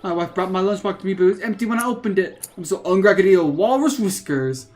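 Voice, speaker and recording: A man voicing a gruff, hungry male dockworker who bosses people around, read from game text. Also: high voice, lively intonation, fast talker, a little mellow. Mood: bossy.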